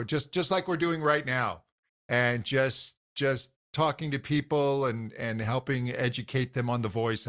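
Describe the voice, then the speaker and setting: A man's voice: medium pitch, a bit bright. A male vocal coach talking enthusiastically in an interview over a video call, often restarting sentences with "um" and "just". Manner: enthusiastic, frequent fillers and restarts. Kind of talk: conversational interview.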